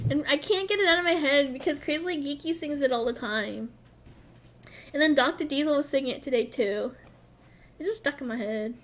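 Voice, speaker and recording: A woman's voice: high-pitched, moderate pace. A woman streaming a game, chatting casually in a playful, giggly, self-mocking way.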